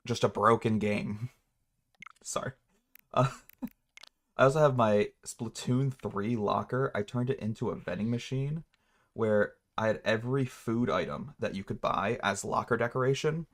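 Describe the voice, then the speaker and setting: A man hosting a casual livestream, rambling and laughing at himself as he talks. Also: mid-range voice. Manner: rambling, laughs often, self-mocking. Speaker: streamer.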